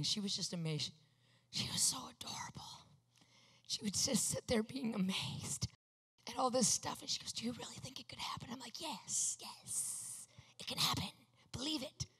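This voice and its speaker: A woman giving an animated faith testimony, acting out quotes with sudden shouts and hushed asides. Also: mid-range voice, slightly rough.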